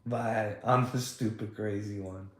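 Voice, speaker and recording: A man's voice: lowish voice, steady tone, measured pace, reverberant. A man talking casually in a rambling, profane rant, with frequent laughter and many fillers. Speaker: podcast host.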